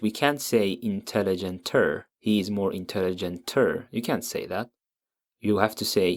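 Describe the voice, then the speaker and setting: A man teaching a language lesson, patiently explaining grammar and repeating each example word slowly. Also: sits low, gravelly.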